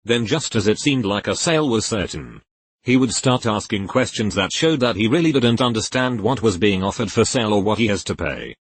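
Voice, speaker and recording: Reading Reddit posts aloud, a male narrator with a low, husky voice lets his pitch rise and fall freely as he goes through each one. The recording is close and dry, with no room sound.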